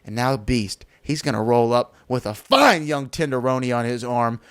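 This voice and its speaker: A man hosting a podcast in casual chat, telling stories in an animated, teasing way. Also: mid-range voice, normal speed, smooth. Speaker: podcast host.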